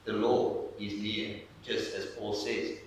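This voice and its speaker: A man preaching a sermon as pastor, telling the story animatedly and often dropping to a hush for emphasis. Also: fairly low pitch, little pitch movement, slow pace. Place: church. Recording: echoey church from far off with faint noise.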